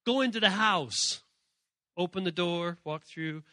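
A man giving an animated youth sermon, telling stories and acting out voices from shrieks to soft murmurs. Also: high-pitched, measured pace, dry recording. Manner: animated storytelling, acts out characters in shrieks and murmurs. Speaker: youth speaker.

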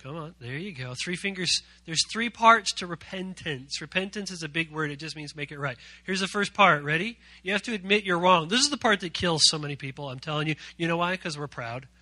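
Youth pastor, male, very bright, high voice; playful, jokey sermon delivery that keeps quizzing the room. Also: expressive, a little fast, hardly any pauses, dry recording.

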